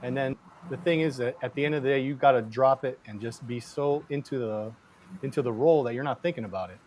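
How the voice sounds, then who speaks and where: A man who grew up in the Canal Zone, telling stories in a casual chat, animated, acting out quotes and laughing often. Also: mid-range voice, fast talker, a little hiss or hum. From Panama Canal Zone. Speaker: guest actor.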